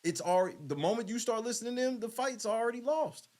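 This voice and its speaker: A man's voice: extremely high pitch, quick pace, darkish tone. A man hosting a podcast, giving casual reaction commentary and laughing in disbelief. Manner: laughing, incredulous. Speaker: podcast host.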